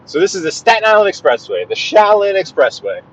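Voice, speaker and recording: Muffled audio captures a man whose fairly bright voice sits high, delivered quickly and very animatedly. As a live-streaming driver vlogger inside a car on the highway, he chats casually with viewers, tripping over and repeating his words.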